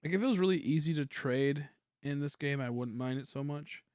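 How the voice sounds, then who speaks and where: A young man chatting casually on a game stream, quiet and rambling, humming between thoughts. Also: fairly high pitch, a little fast, no echo, clean studio sound. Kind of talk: casual livestream chat while gaming.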